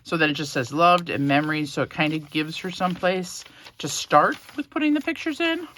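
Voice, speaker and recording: A woman vlogger casually showing a handmade journal, soft-spoken and a little emotional, rambling with fillers. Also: sits low, expressive, fairly quick, a little hiss or hum. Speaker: crafting vlogger. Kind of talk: casual show-and-tell.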